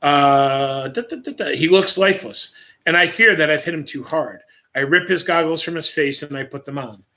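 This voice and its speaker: A man reads a first-person story aloud on a livestream, in a dramatic style broken by offhand asides. His voice sits fairly high and sounds bright and forceful. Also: moderate pace. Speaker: author reading his own story.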